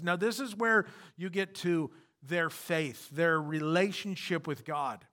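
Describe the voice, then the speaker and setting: A man's voice: fairly high pitch, slow pace, hardly any pauses, sharp tone. A man preaching a sermon as pastor, emphatic and repeating his key points.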